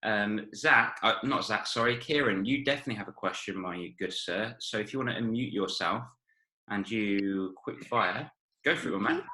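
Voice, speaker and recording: A man's voice: fairly low pitch, animated, normal speed, bright, forceful tone, echoey room, poor audio. A man hosting a question session on a video call, upbeat and chatty. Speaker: host.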